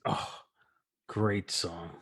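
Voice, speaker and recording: A man's voice: low voice, fairly even intonation, drawn-out words, fairly bright tone, breathy edge. A middle-aged man co-hosting a podcast, who asks follow-up questions and backs the storyteller up. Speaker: podcast co-host. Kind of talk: casual interview chat.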